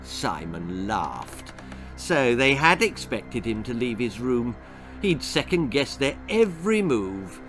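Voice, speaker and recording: A man's voice: mid-range voice, sing-song, slow, fairly bright tone, faint music behind. A man reading his own darkly comic children's story aloud, theatrical and relishing the grim humour.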